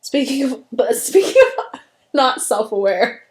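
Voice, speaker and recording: Giggly high-voiced woman podcaster. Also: a little slow, roomy sound. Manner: laughs hard, giggly and exclaiming. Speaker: podcast co-host. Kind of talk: casual chat.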